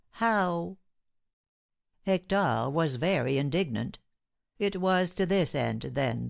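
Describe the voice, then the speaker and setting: A woman reads a classic novel aloud for an audiobook, her voice sitting notably low. The delivery is measured and steady, scripted narration throughout. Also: creaky, dry recording, clean studio sound.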